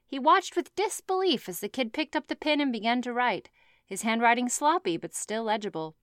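A woman's voice: on the high side, lively intonation, normal speed, fairly bright tone, smooth, dry recording, studio quality. A woman reading a story aloud, breaking off to make sarcastic, swearing comments. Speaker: fan fiction reader.

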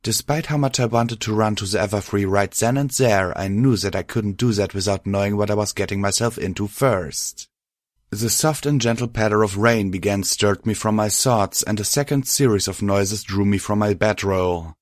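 Low-voiced man narrating a story. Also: normal speed, no echo, clean studio sound. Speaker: reader. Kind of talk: first-person fan fiction audiobook narration.

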